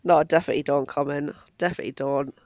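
A woman's voice: deep voice, steady tone, rapid-fire, a little mellow, no echo, muffled recording. A young woman, chatting casually and telling sassy stories as a co-host. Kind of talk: casual chat.

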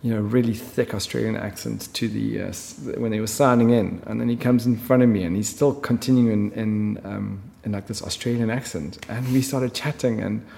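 A man's voice: on the low side, fairly even intonation, brisk, vocal fry, hardly any pauses, mellow, long reverb tail. A man talking as a film director in an interview, chatty and full of fillers. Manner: chatty storyteller, many fillers. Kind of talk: conversational interview.

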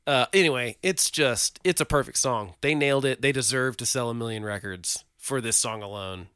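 A man's voice: medium pitch, normal speed, pushed and bright, clean tone, no echo, studio quality. A man co-hosting a casual music chat, enthusiastic and rambling with lots of fillers. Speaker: podcast co-host.

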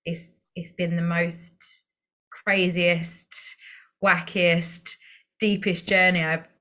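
A woman hosts a podcast interview in a casual, reflective tone. Her voice is on the low side for a woman. She encourages her guest as she shares her own experience. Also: flat delivery, slow, fairly bright tone. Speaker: podcast host.

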